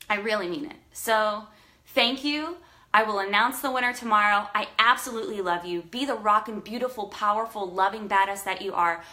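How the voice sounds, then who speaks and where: A woman's voice: medium pitch, sharp tone. A woman life coach in a motivational vlog, talking straight to her viewers, emotional and effusive, with frequent swearing for emphasis. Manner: effusive, profane, emphatic pep talk.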